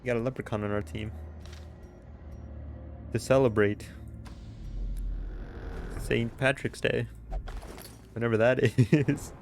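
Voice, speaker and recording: A man's voice: mid-range voice, fairly even intonation, slow, long pauses, soft background music. Jokey man streaming a game. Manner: joking and rambling, laughing often. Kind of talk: casual gameplay commentary.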